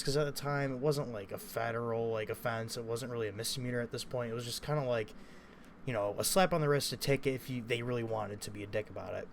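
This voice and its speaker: A man's voice: medium pitch, steady tone, fast, slight background noise. A young man casually telling a story as a vlogger, rambling and swearing, with many fillers. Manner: rambling, profane, lots of fillers.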